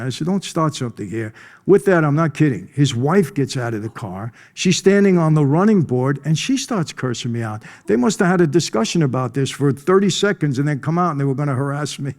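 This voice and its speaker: A man's voice: fairly high pitch, darkish tone. A middle-aged man, telling his life story bluntly to a conference audience. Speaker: conference speaker. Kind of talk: storytelling testimony.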